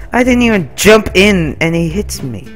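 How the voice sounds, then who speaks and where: Slow, giggly young man gaming. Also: sits high, very animated, fairly bright tone, soft background music. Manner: laid-back, giggly, swearing, silly asides. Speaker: let's play gamer. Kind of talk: casual gameplay commentary.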